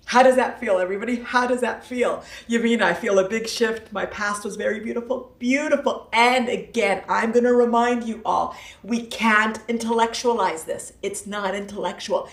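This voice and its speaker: A woman with a fairly high voice gives a casual motivational talk to a live audience. She is playful and emphatic and leans on repetition. She sounds a little distant from the mic, in a roomy, echoing space. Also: normal speed. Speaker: live-stream host and self-help coach.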